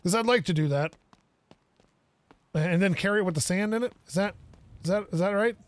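A young man giving casual let's-play commentary, excitable and self-mocking, talking to himself as he plays. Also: high-pitched, brisk, dry recording. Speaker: gaming video creator.

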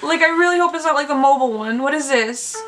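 A woman's voice: high-pitched, fast, fairly bright tone, soft background music. A woman reacting live to a video game showcase, gasping, squealing and talking over the trailers. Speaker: gaming YouTuber reacting to a showcase. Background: game trailer audio playing.

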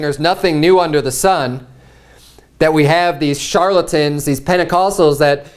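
A man preaching a sermon, reading scripture aloud and acting out the people in the story with lively, animated delivery. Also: on the high side. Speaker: pastor.

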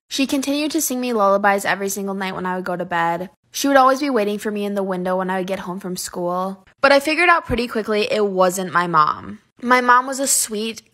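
Woman, mid pitch, earnest and steady, spooky storytime.

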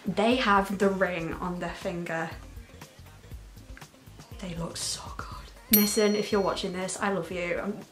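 A woman giving an excited, unscripted reaction to a trailer, gushing, laughing often and close to tears. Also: lowish voice. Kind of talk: casual, unscripted reaction commentary.

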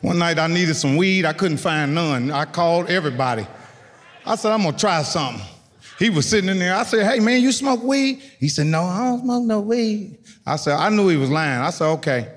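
An older man performing a stand-up set with animated storytelling, acting out voices and loud outbursts, in a large theater. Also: a little high, brisk. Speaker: stand-up comedian. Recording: long hall reverb, faint noise.

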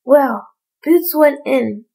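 Woman narrator for a read-aloud fairy tale, high voice with some vocal fry. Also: lively intonation, warm tone, low-quality recording. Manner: measured storybook reading. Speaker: storyteller. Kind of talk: read-aloud bedtime story.

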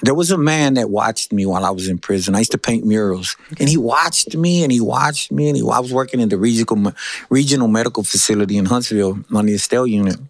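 A man's voice: medium pitch, quick pace, no room sound, studio quality. A middle-aged man from Texas telling his life story as an interview guest, earnest, acting out the voices of people he quotes. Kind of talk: conversational testimony.

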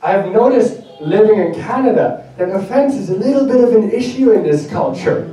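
A man's voice: sits high, lively intonation, normal speed, dark tone. A man preaching a sermon as pastor. He speaks in a direct, conversational way and jokes about himself. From Germany. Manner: direct, conversational, self-joking. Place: church sanctuary. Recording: echoey church hall, mic far off.

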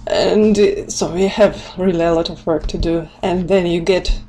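A woman's voice: lowish voice, fairly even intonation, normal speed, dark tone, slight background noise. A woman from Siberia with a Russian accent, giving a chatty live-streamed explanation in English as a language teacher, laughing often and mixing in Russian words. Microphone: laptop or webcam mic.

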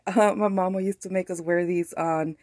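A woman's voice: fairly low pitch, normal speed, no echo. Gushing crafter woman, dry close sound. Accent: Mexican-American. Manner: gushing, excited, frequent laughs. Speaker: craft channel host. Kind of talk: casual unboxing chat.

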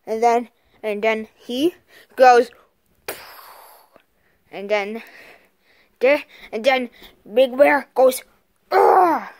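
Slow, halting female toy-play commentator. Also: a little high, darkish tone, no echo. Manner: halting, repeats "and then" often. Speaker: video host.

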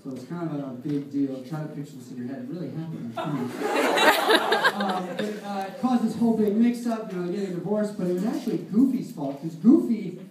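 A man's voice: sits high, fast talker, few pauses. A man doing a loose, rambling amateur stand-up set, chuckling at his own jokes. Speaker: stand-up comedian. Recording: echoey room, far mic, noisy.

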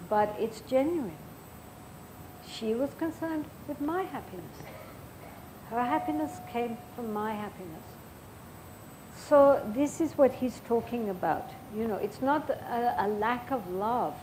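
An older woman gives a dharma talk as a Buddhist teacher. Her voice sits a little high, and she speaks gently and thoughtfully. She tells personal stories slowly and pauses often. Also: a little hiss or hum, rough recording. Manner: gentle, reflective storytelling with frequent pauses.

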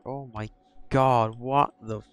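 A man's voice: medium pitch, steady tone, slow pace, a bit bright, clean tone, faint music behind. A man hosting a horror game let's-play, jumpy and swearing, chatting to the characters on screen. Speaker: gaming channel host.

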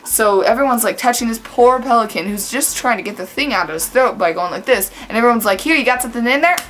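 A woman's voice: on the high side, fast talker, fairly bright tone, a little hiss or hum. A woman telling a story to her camera in a casual vlog, chatty and full of fillers. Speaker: vlogger.

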